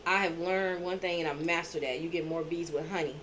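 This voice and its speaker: A middle-aged woman hosting a casual chat, who tells stories in an animated, emphatic way. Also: on the low side, fairly quick, a little hiss or hum, low-quality recording.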